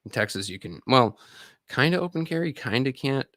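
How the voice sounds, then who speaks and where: An animated, brisk man in his thirties with a medium-pitched, fairly bright voice hosts a casual live stream. He's an army veteran who rambles and swears as he talks straight to his viewers. The recording is dry and studio quality.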